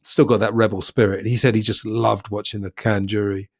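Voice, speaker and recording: A man's voice: lowish voice, level tone, a little fast, no echo, studio quality. A man hosting a podcast, chatting casually about a film and acting out quotes in playful voices. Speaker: podcast host. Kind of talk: casual film-discussion chat.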